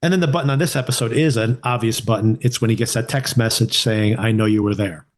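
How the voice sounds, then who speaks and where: A man's voice: lowish voice, fast. A man co-hosting a podcast, chatting casually through a TV review and thinking aloud with rhetorical questions. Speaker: podcast co-host.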